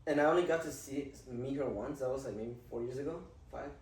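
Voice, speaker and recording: A man's voice: medium pitch, darkish tone, recorded from a distance. Casual, swearing man in a roomy space. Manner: casual, profane, halting with many fillers. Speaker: podcast host. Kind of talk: casual conversation.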